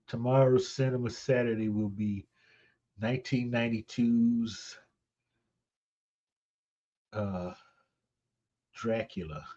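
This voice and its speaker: A man's voice: medium pitch, fairly even intonation, slow, pauses often, warm tone, muffled recording. A man co-hosting a radio show, laid-back and wry, laughing easily in casual on-air chat. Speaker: radio co-host.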